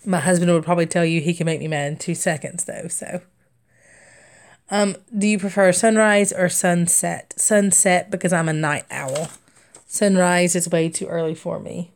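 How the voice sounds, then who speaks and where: On her craft livestream, a young adult woman chats and wanders through stories while stitching, laughing frequently and filling pauses. She speaks at a normal speed in a low-sided voice with fairly even intonation.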